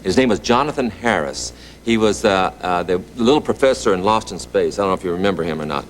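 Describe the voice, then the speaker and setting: A middle-aged man, a talk show guest, telling a long anecdote in a relaxed, chuckling way. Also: low voice, quick pace, rough recording. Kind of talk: anecdotal storytelling. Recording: TV studio with audience noise.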